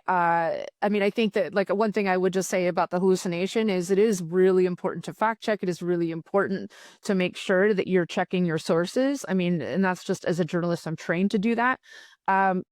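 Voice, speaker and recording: A woman's voice: on the low side, fairly quick, darkish tone, dry recording, clean studio sound. A woman journalist talking casually and with enthusiasm, with many restarts and fillers. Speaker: journalist and writer. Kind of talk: casual conversation.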